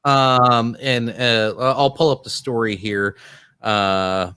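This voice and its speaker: A man hosting a casual podcast, reading out viewer comments in a halting way full of ums. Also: mid-range voice, fairly even intonation, bright, forceful tone, clean tone, no room sound. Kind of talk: casual chat.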